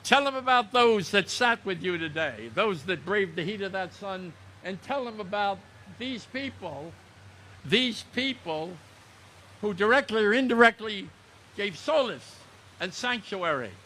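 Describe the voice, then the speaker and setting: A man in his nineties, a Merchant Marine veteran, giving a solemn, measured memorial speech outdoors. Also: sits high, animated, bright, forceful tone, slight background noise. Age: 90s. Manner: solemn, measured oratory with recited verse. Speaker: World War Two Merchant Marine veteran speaker.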